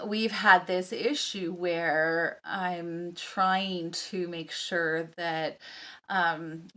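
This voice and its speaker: Slow-talking mom vlogger chatting casually. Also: female voice, lowish voice, sharp tone. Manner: rambling, with frequent ums and laughing asides. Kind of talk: casual chat to camera.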